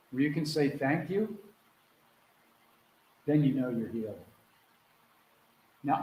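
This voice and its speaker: Hosting a live video Q&A as a spiritual mentor, this man has a darkish voice pitched on the high side. He swears freely, acts out quotes, and stays casual yet earnest, with the echoey room adding faint background noise.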